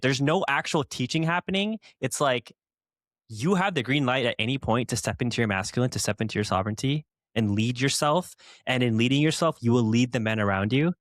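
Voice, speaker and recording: A man's voice: mid-range voice, no echo, studio quality. A man hosting a podcast, riffing in casual chat with enthusiastic, filler-heavy speech. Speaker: podcast host.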